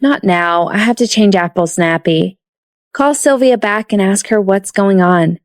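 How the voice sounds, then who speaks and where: A woman voicing a sharp, teasing young wife and mother with an animated, quizzing delivery. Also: mid-range voice, unhurried, no echo, studio quality, natural voice.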